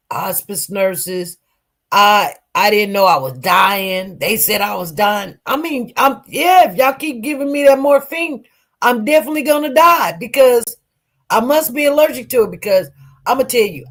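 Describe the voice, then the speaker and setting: Woman, slow unhurried talk, casual storytelling, rambling, repeats herself. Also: medium pitch, a bit bright. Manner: rambling, many fillers and repeated words. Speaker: streamer telling personal stories.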